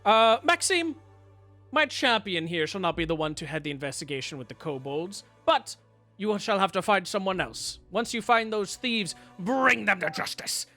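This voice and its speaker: A man's voice: high-pitched, pushed and bright, voice pushed up, heavily acted. A man voicing a pompous, pudgy male noble lord who speaks in a grandiose, condescending way.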